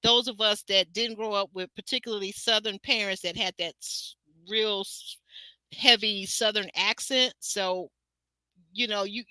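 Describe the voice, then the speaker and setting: A woman's voice: medium pitch, fairly even intonation, unhurried, sharp tone, no room sound. A woman from Detroit hosting a casual livestream recap, chatting animatedly and reading viewer comments aloud. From Detroit, Michigan. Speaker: show host.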